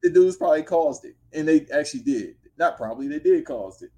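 A man co-hosting a podcast, casually telling a long story in animated, slang-filled speech. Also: on the high side, quick pace.

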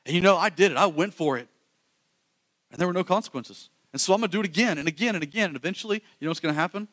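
A male pastor preaching a sermon, animated and quick, swinging from loud emphasis to hushed lines. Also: sits high.

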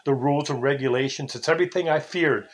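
A man's voice: mid-range voice, fast talker. An older man hosting a casual talk show, rambling and indignant, sometimes imitating how people say things. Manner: rambling, indignant, mimics intonations. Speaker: podcast host.

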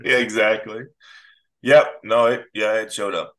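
A man's voice: lowish voice, steady tone, fairly bright tone. A man co-hosting a podcast in casual chat, laughing a lot and gushing about favorite scenes. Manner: laughing, enthusiastic, does quick impressions. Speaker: podcast co-host.

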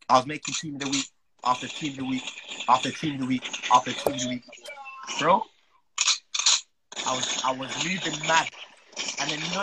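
A young man, a footballer telling an animated, slang-filled story as a guest. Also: medium pitch, noisy background. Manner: animated, slang-heavy, acts out the people he quotes. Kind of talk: casual storytelling.

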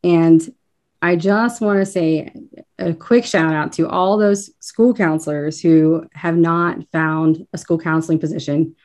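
A woman with a slight Kentucky lilt talks things through in a relaxed interview over a video call. Her voice sits a little low for a woman, and she is reflective, a bit self-deprecating, and quick to laugh. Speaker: guest school counselor. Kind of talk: casual podcast interview.

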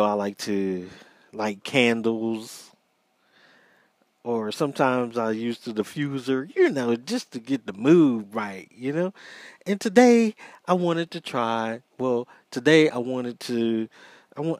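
A man's voice: mid-range voice, no echo, clean studio sound. An American man hosting a casual solo podcast, talking in a chatty, repetitive way and calling his listeners y'all, a little sleepy. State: sleepy, yawning. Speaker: podcast host. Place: small home studio.

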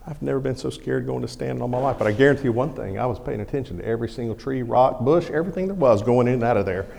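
A middle-aged man, a pastor telling a folksy sermon story with animated swings in his delivery. His voice has a gravelly edge, and it rings out in a church sanctuary with a long reverb tail. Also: medium pitch, very fast.

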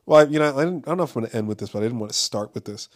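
A man's voice: mid-range voice, lively intonation, very fast. A young man from Los Angeles talking in a rambling, casual monologue, full of profanity, fillers and restarts.

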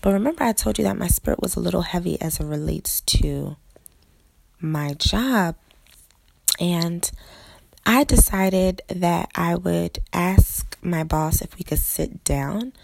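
A woman's voice: lowish voice, creaky, no echo. A woman pastor telling a personal testimony in an earnest way, often speaking straight to her listeners as "guys".

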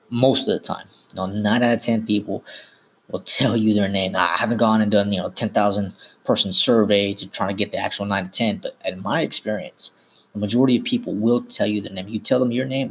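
A man's voice: fairly low pitch, fairly even intonation, a little fast, gravelly, a bit bright, husky. A man hosting a podcast, talking informally and instructively in a casual monologue, often correcting himself mid-sentence. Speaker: podcast host.

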